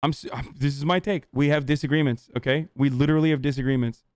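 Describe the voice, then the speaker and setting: A man streaming live, ranting heatedly at his chat with lots of swearing and halting restarts. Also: mid-range voice, steady tone, darkish tone, dry recording, studio quality. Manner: profane, agitated, halting restarts.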